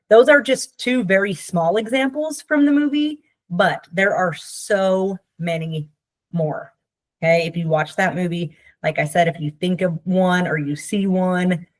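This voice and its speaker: A woman's voice: lowish voice, no room sound. A woman therapist explaining ideas in a casual, conversational teaching style, often checking in with "Okay?" and playfully acting out the people she quotes. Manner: acts out quoted voices playfully.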